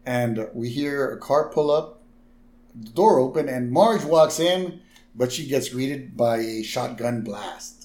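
A man's voice: mid-range voice, slow pace. A man co-hosting a podcast, recapping a cartoon episode in casual chat and putting on voices for the lines. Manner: animated, puts on voices for the lines. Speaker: podcast co-host.

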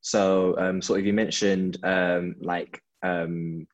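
A man's voice: low voice, little pitch movement, takes it slowly, muffled recording. A young man from London, a guest in a casual interview, talking thoughtfully with lots of fillers over a video call. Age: young adult. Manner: thoughtful, reflective, with frequent fillers.

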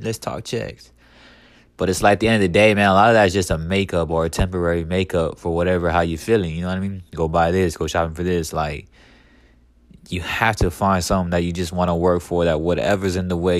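A man's voice: low voice, no room sound. A man hosting a podcast in a casual, rambling monologue, profane and full of "like" and "man", with heated bursts of ranting. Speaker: podcast host.

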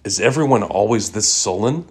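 A man's voice: on the low side, expressive, normal speed, darkish tone, close to an everyday voice. A man voicing a Dutch male café customer who is indignant and sardonic. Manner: sardonic, questioning.

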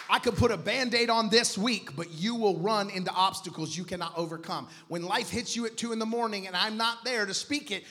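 A man preaching a sermon as pastor, moving from quiet teaching to shouted declarations. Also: high-pitched. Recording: long hall reverb.

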